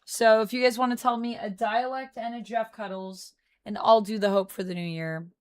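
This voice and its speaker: A woman's voice: fairly high pitch, steady tone, normal speed, dry recording. A woman streamer in casual livestream chat, talking from home and answering her viewers' messages aloud. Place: home on a military base.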